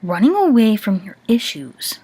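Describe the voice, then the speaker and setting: A woman's voice: medium pitch, sing-song, moderate pace, dark tone, breathy edge. A young woman talking casually to the camera, confessing her feelings with many filler words and now and then dropping to a whisper. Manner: chatty, many "like" fillers, drops to a whisper at times. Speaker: vlogger.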